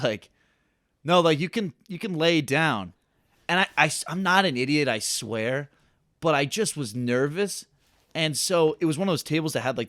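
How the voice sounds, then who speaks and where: A man's voice: mid-range voice, fairly bright tone, no echo, studio quality. A young man co-hosting a podcast, telling a self-deprecating story in a rambling way full of "like". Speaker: podcast co-host. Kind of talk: casual storytelling chat.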